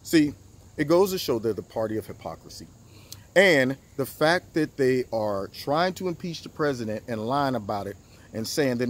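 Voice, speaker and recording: Husky man ranting in casual commentary. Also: medium pitch, moderate pace. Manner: animated, mocking, acts out quotes in different voices. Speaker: political commentary host.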